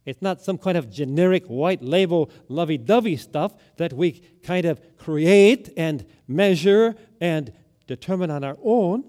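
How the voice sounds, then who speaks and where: An older male pastor preaching a sermon, emphatic, with dramatic swings in loudness and pitch as he acts out quotes. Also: animated, a little slow.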